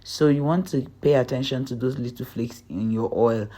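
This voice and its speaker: A woman's voice: rumbling low, moderate pace, warm tone. A young woman hosting her own cooking channel, talking viewers through a recipe step by step in a chatty, upbeat way. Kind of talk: recipe tutorial voice-over.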